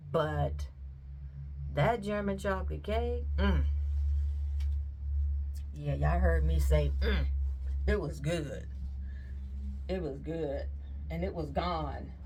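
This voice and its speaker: A woman's voice: deep voice, takes it slowly, a little hiss or hum. A middle-aged woman, chatting casually and laughing as she reminisces while she works on a craft. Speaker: vlogger. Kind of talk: casual chat while pouring paint.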